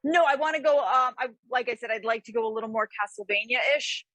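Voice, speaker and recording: A woman from the New York area talks with a bright, forceful tone. She tells her story in an animated way, with many restarts and fillers. The sound is dry and close. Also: a little high, brisk, dry recording. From New York area, USA. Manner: animated, lots of fillers and restarts, acts out quotes. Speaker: guest author. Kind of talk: casual interview storytelling.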